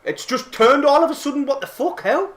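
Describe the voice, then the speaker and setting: A young man streaming a live football match reaction, shouting and swearing at big moments and then talking quietly as he reads the chat. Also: extremely high pitch, expressive, fairly quick.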